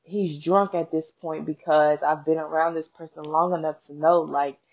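A woman's voice: sits low, steady tone, normal speed. A woman host telling a personal story in a casual, frank way, swearing freely and speaking straight to her listeners. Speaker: podcast host. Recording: dull lo-fi sound.

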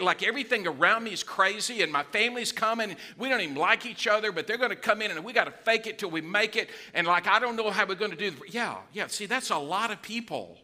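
A male pastor, preaching a sermon with animated storytelling and acted-out quotes. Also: high-pitched, fast, hardly any pauses.

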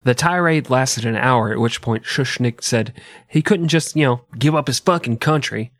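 Male comedy podcast host, crude and jokey, mid-pitched, dry close sound. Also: moderate pace, fairly bright tone, no room sound. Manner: crude, joking, laughs often. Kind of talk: comedic history podcast narration.

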